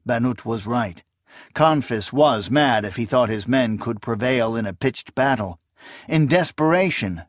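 A man narrating a fantasy novel in a steady, measured storytelling voice. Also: mid-range voice, no room sound, clean studio sound. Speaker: audiobook narrator.

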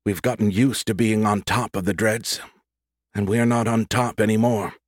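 A man's voice: lowish voice, steady tone, normal speed, no room sound, clean studio sound, close to an everyday voice. A man voicing a stern female leader who speaks in a firm, authoritative way. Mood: grave.

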